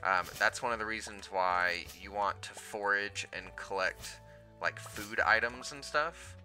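A man's voice: lowish voice, measured pace, sharp tone, soft background music. A man hosting a let's play, casually explaining the game as he plays with lots of ums. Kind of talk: gameplay commentary.

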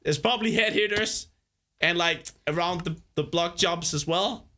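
A young man hosting a gaming video, patiently coaching a player through a course, excitable and laughing often. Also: high voice, moderate pace. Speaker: gaming host.

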